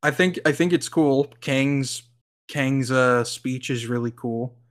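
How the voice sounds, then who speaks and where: In casual podcast chat, a co-host takes it slowly at a medium pitch. He tends to ramble, uses plenty of likes and ums, and laughs often.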